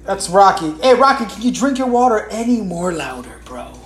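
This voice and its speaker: A woman's voice: medium pitch, big pitch swings, normal speed. A woman hosting a solo podcast, ranting with heavy swearing, sarcasm and constant rhetorical asides. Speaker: podcast host.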